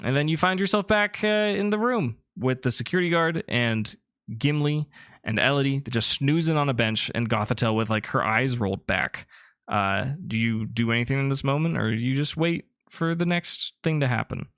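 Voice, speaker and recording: A man narrating a tabletop role-playing game as the game master, in a relaxed, rambling way with many fillers. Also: medium pitch, normal speed, clear, resonant tone, no echo, clean studio sound.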